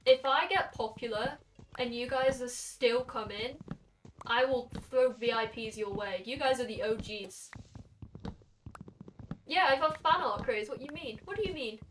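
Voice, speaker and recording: A young woman in her late teens with a Welsh accent, chatting casually with her stream chat while gaming and throwing in quick asides. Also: a little high, a little hiss or hum. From Wales. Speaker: game streamer. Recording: somewhat distant mic with faint music.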